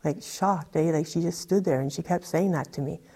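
A woman's voice: low voice, moderate pace, mellow, husky. A woman telling her personal testimony in an earnest, rambling way, full of "you know" and "like". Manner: earnest, rambling with many fillers. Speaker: testimony speaker.

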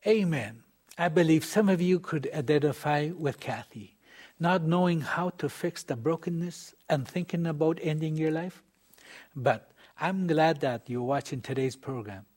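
A man hosting a Christian program, speaking softly and pastorally straight to the viewer. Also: fairly high pitch, slightly rough. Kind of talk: gentle sermon-like address to viewers.

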